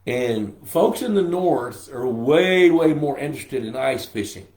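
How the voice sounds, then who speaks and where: A man's voice: medium pitch, expressive, unhurried, a little mellow, soft background music. Scratchy-voiced older man, roomy echo. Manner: folksy and joking, greets viewers by name. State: scratchy voice from a throat infection. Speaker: pond management show host. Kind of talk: casual live-stream Q&A.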